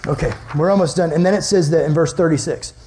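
A man's voice: fairly high pitch, quick pace, a little hiss or hum. A young man preaching a casual youth sermon, telling stories animatedly with lots of "like" fillers. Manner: animated storytelling, many "like" fillers. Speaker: youth pastor.

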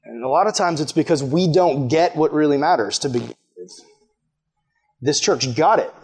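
High-voiced, animated male preacher. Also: moderate pace, breathy edge. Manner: casual, animated, acts out voices of people he quotes. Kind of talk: sermon.

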